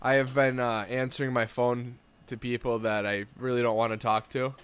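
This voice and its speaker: A man's voice: mid-range voice, level tone, normal speed, fairly bright tone, clear, resonant tone, no echo. A man in casual podcast chat, telling rambling family stories and acting out the quoted voices.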